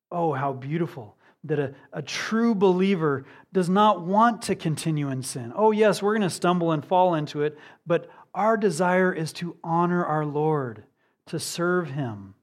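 A man preaching a sermon in an earnest manner, asking rhetorical questions and moving between emphatic and hushed delivery. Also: on the high side, normal speed. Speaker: pastor.

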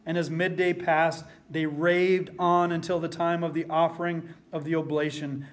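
Male preacher, slightly raised pitch, emphatic delivery that slows right down and goes quiet on key words. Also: little pitch movement. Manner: emphatic, slows down and drops to near silence for stress. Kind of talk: expository sermon with scripture reading.

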